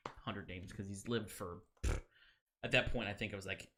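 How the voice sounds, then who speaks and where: A man's voice: on the low side, fairly even intonation, brisk, pushed and bright, slight background noise. A man co-hosting a podcast in casual, rambling chat, laughing often between thoughts. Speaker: podcast co-host.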